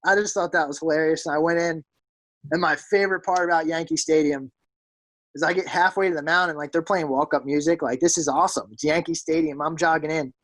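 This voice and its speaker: A man's voice: fairly high pitch, a little fast, low-quality recording. A young man from South Jersey, a ballplayer telling stories casually in an interview, filling his talk with "like" and acting out quotes. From South Jersey, USA. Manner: animated storyteller, acts out quotes in a raised voice, many "like" fillers. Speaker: professional pitcher, guest.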